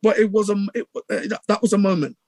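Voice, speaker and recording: A middle-aged man with a Bristol accent, telling stories in a casual interview with lively acted-out quotes and many restarts. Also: sits high, fast, dry recording. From England. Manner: animated storyteller, acts out quotes, many restarts. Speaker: radio DJ guest.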